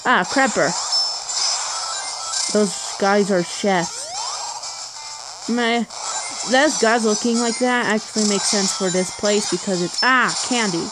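A woman talks her way through a video game in a relaxed, unhurried way. She chats along, yelps at her mistakes and tosses in playful little sound effects. Loud game music plays under her voice. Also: mid-range voice, low-quality recording. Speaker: let's play host. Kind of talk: casual gameplay commentary. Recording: game music playing behind.

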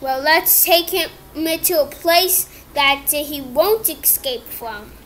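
A woman voicing every character in a homemade cartoon, talking in a halting, improvised way with many restarts. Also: sits high, a bit bright, slight background noise. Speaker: creator voicing all characters.

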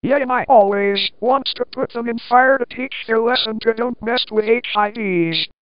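A woman's voice: on the high side, moderate pace, no echo, natural voice. A synthetic woman's voice playing a hot-tempered lamp fixture with broken grammar, in a dull lo-fi recording. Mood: annoyed. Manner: ungrammatical, hostile toward rivals.

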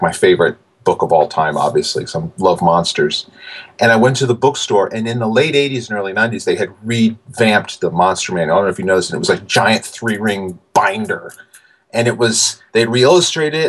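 Animated man in his forties telling stories. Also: mid-range voice. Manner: animated, many fillers and restarts. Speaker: guest. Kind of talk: casual interview storytelling.

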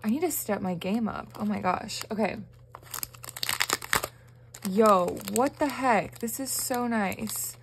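A young woman, chatting to her viewers as she opens fan mail, gushing and excitable with frequent gasps. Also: a little high, slow pace, pauses often, noisy background. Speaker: budgeting vlogger. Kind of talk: casual vlog chat to viewers.

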